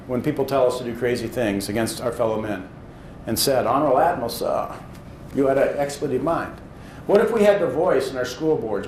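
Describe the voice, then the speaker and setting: A man's voice: a little high, darkish tone. A man in his thirties from Indiana, giving a motivational speech in a hall, telling stories and building to emphatic points. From Indiana, USA. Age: 30s. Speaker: public speaking champion. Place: hall with audience. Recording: roomy hall echo, faint noise.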